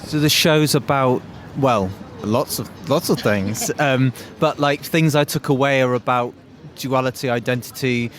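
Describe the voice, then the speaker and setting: A man's voice: medium pitch, unhurried. A man hosting a podcast, talking enthusiastically and casually with many fillers. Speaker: podcast host. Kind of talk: casual podcast chat and interviewing.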